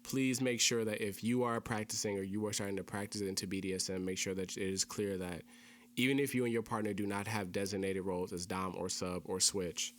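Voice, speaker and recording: A man's voice: on the low side, steady tone, fairly quick. A young man hosting a casual podcast chat, explaining things earnestly and repeating key phrases for emphasis. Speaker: podcast host.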